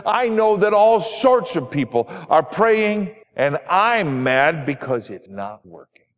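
Brief: pastor doing frail dying old woman, bitter and exasperated, voice rising high, echoing in a big hall. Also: sing-song, slow pace. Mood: upset, bitter. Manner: sharp, exasperated complaining. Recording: long reverb of a large hall.

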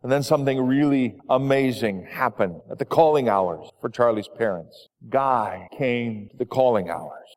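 A man preaching, telling a gentle story to his congregation, voice dropping quiet at tender moments. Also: medium pitch, moderate pace. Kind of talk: sermon story narration. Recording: long hall reverb.

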